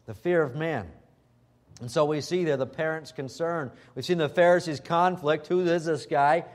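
Emphatic preacher man, slightly high voice. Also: moderate pace. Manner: emphatic, quotes scripture in old-fashioned wording. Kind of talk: sermon.

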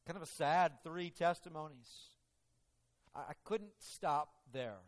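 A man's voice: fairly high pitch, measured pace. A male preacher delivering a dramatic, emphatic sermon, often restarting his phrases. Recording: long reverb of a large hall.

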